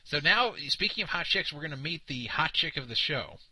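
A man's voice: fairly high pitch, very animated, fairly quick, sharp tone, dry recording, low-quality recording. A man co-hosting a podcast, mocking a video in casual commentary and laughing often. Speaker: podcast co-host.

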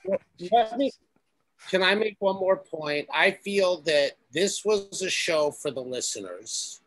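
A man in a casual podcast chat, making his point in a measured, reasoning way. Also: high voice, expressive, fairly bright tone, no echo, rough recording.

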